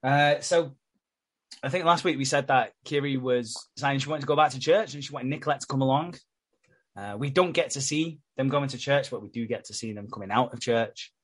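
A man's voice: mid-range voice, fairly quick. Sweary laughing man recapping. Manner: sweary, laughing, retells scenes with quoted voices. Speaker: podcast co-host recapping a soap. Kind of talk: casual chat.

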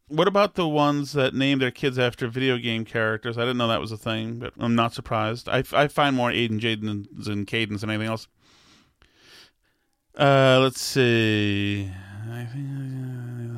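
A man's voice: medium pitch, fairly bright tone, clear, resonant tone, no echo, studio quality. A man talking casually on his own, hesitant with many restarts, laughing as he reads comments aloud. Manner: halting, many restarts, laughs while reading. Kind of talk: casual solo talk, reading comments aloud.

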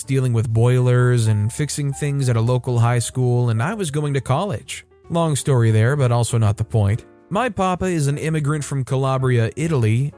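A man narrating online stories in a casual, lively reading style. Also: mid-range voice. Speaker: story narrator.

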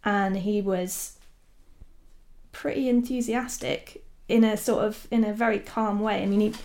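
A woman's voice: mid-range voice, fairly even intonation, a little slow, darkish tone. A woman, a documentary filmmaker, telling a story casually with many fillers and frequent laughs.

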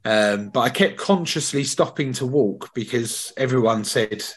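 Man, podcast host, mid pitch, casual slangy storyteller. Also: measured pace, slightly rough. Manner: chatty storyteller, swears, slangy. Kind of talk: casual chat.

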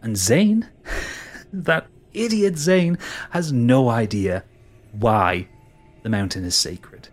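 A man's voice: lowish voice, unhurried, pauses often, breathy edge. A man voicing a scheming, grandiose male sorcerer who talks in a smug, theatrical way. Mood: scornful. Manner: smug, theatrical, dismissive laughs.

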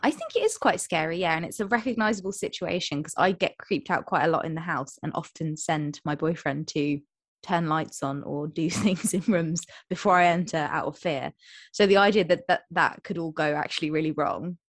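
A young woman co-hosting a podcast in casual chat, retelling plots with quick quoted voices. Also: low-pitched, no room sound. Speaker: podcast co-host.

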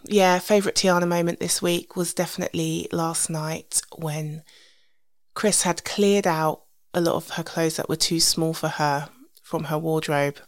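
A woman in her thirties hosting a podcast, rambling casually with restarts and soft asides. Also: deep voice, no room sound, clean studio sound. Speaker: podcast host. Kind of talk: casual solo podcast monologue.

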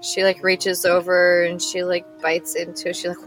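A woman's voice: lowish voice, completely flat delivery, moderate pace, few pauses, soft background music, rough recording. A woman playing a tabletop game in character, bubbly and scatterbrained, peppering her talk with "like" and "don't you know". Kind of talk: in-character tabletop role-play.

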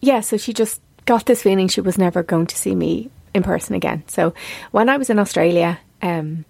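A woman in her forties hosting a podcast, talking in an earnest, confessional monologue and quick to get emotional. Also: medium pitch, creaky, a little mellow, breathy edge, no room sound. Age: 40s. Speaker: podcast host.

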